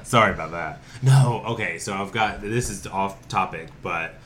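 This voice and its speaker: A man with a voice on the low side tells stories in a lively, animated way, swearing freely and breaking into laughs. He talks in loose, chatty bursts. A faint hiss sits under the recording. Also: normal speed. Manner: animated storyteller, profane, laughing. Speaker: podcast co-host. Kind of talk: casual chat.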